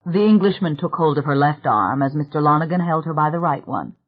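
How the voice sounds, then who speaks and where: An audiobook narrator reading a thriller in a measured, even way. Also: medium pitch. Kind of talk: scripted narration. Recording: tinny phone-like sound.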